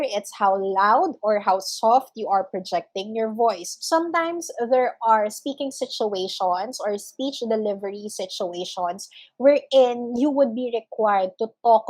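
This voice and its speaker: A young woman teacher talks through a recorded lesson in a measured, explanatory way, stacking ideas in parallel phrases. Her voice sits a little high. The sound is dry and close to the mic. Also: no echo, rough recording. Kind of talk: recorded online lecture.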